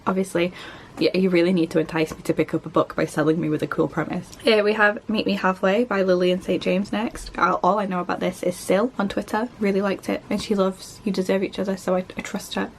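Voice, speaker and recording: Chatty woman with a gravelly voice. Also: medium pitch, flat delivery, slight background noise. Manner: chatty, rambling, quick, self-mocking. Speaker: book vlogger. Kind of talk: casual chat.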